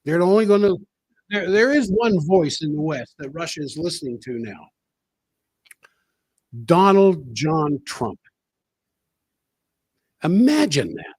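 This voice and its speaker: A man with a slightly high, husky voice delivers a solo commentary show in an emphatic style. He hammers his points home by repeating key phrases. The sound is dry and close, with no room echo. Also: big pitch swings, unhurried, pauses often, darkish tone. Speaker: political commentary host.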